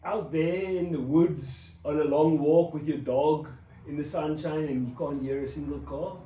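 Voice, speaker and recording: A man holds forth in a casual faith vlog, animated and prone to preaching, circling back on his words. His voice sits a little high for a man. He is picked up from a distance in a roomy, echoing space with a faint hiss behind him. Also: moderate pace. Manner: animated, preachy, rambling with restarts. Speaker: vlogger. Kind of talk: casual devotional vlog chat. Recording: roomy echo, mic at a distance.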